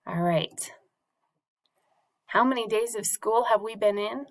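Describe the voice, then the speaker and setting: A woman's voice: medium pitch, a little slow. A woman teacher leading a morning classroom routine for young children, prompting patiently in a sing-song way. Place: classroom or home teaching space.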